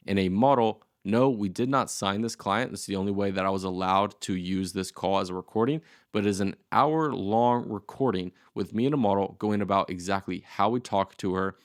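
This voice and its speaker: A man's voice: on the low side, no room sound, clean studio sound. A man in his twenties with an American accent, coaching his audience bluntly and energetically, then leading a sales call. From United States. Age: 20s. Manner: blunt, energetic, swears casually. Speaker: agency owner teaching a course.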